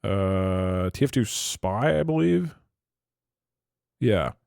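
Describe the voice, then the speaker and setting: A man's voice: fairly low pitch, lively intonation, drawn-out words, creaky, darkish tone, clear, resonant tone, no room sound, studio quality. A man streaming live, chatting casually and thinking aloud with frequent restarts.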